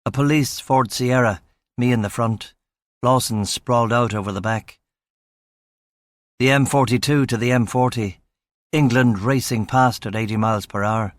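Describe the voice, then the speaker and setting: A man reading a crime novel in the first person, in a measured, dry, matter-of-fact way. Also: mid-range voice, dry recording. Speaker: audiobook narrator. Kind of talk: scripted first-person audiobook narration.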